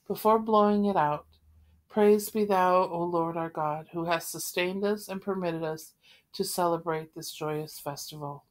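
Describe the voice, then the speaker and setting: A woman reading the part of a calm, steady middle-aged father in a play read aloud. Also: lowish voice, measured pace, lightly acted.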